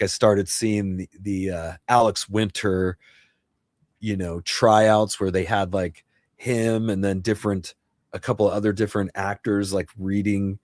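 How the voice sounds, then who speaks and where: A man hosts a relaxed live stream, rambling on with plenty of restarts and the odd excited jump upward. His voice sits on the low side. It sounds close and dry, with no room around it. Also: dry recording. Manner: rambling, chatty, with frequent restarts and sudden excited jumps in pitch. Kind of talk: casual livestream chat.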